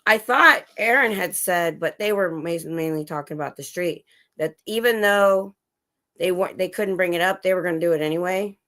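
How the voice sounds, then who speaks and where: A woman with a somewhat low voice hosts a casual late-night livestream from her home. She talks loosely and chattily, restarting her sentences as she goes. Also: moderate pace, a bit bright. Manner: chatty, talks to her dogs between topics, many restarts. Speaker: livestream host. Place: home, dogs in the room. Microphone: livestream setup.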